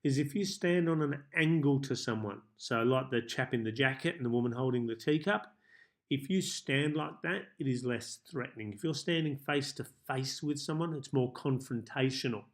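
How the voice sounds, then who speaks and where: A man coaching viewers in a self-help tips monologue, speaking calmly and measuredly with deliberate pauses. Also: medium pitch. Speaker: life coach.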